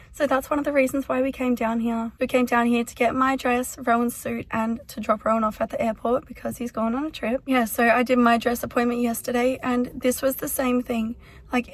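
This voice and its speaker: A sick young woman with an Australian accent, chatting casually to camera in a rambling vlog full of fillers, sounding hoarse and worn out. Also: on the high side. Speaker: vlogger.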